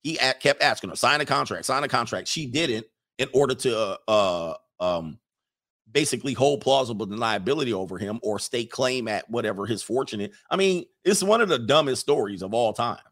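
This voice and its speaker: A man's voice: medium pitch, lively intonation, fairly quick, fairly bright tone. A middle-aged man, a streamer and coach, chatting loosely and laughing as he reads viewer comments. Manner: loose, laughing, slangy storytelling. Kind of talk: casual livestream chat reading comments.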